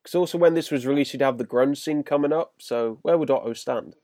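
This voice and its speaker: A man's voice: mid-range voice, brisk, warm tone, no room sound, studio quality. British man recapping and asking questions. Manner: leads the talk, recaps scenes and asks questions. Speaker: podcast host. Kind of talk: casual chat.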